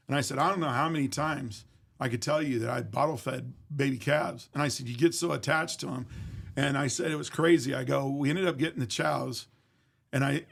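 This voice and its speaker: A man's voice: mid-range voice, vocal fry, fairly bright tone, breathy edge. A man telling a story in casual conversation, blunt and profane, acting out every exchange. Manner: blunt, profane, emphatic retelling. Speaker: guest.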